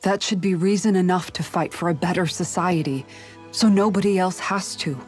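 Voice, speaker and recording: An actress voicing a calm, caring young woman and older sister who speaks thoughtfully, in a video game. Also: fairly low pitch, moderate pace, faint music behind, close to an everyday voice. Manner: gentle, thoughtful, soft-spoken.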